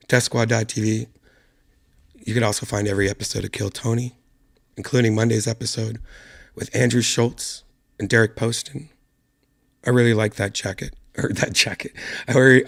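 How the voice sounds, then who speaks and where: A man hosting his own online show, hoarse from a lost voice and talking quietly and softly to spare it. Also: lowish voice, little pitch movement, moderate pace, long pauses. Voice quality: gravelly. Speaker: podcast host. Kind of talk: casual solo stream chat.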